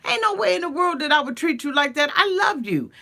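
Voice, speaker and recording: A woman's voice: sits high, big pitch swings, fast, creaky, sharp tone, voice pushed up, heavily acted. A woman voicing a defensive young boyfriend who speaks insistently and indignantly in a raised voice.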